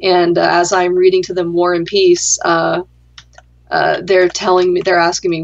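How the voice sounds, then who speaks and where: A woman's voice: lowish voice, level tone, moderate pace, gravelly, highs cut off. A young adult woman hosting a gaming chat, telling a story casually in a dry, sarcastic way and swearing freely. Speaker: gaming channel host.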